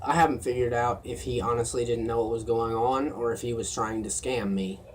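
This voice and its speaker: A man's voice: mid-range voice, fairly even intonation, a little fast, far from the mic, background noise. A man working a gas station shift, talking to himself in a weary, rambling video diary, feeling run down. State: tired and run down.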